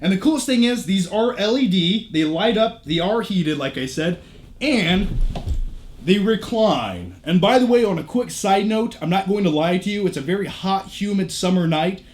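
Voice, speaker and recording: In an animated, fairly high voice that rises and falls widely, a man walks viewers through his home theater room at a moderate pace. His chatty commentary is peppered with jokes and casual cursing, recorded close and clear on a camera shotgun mic.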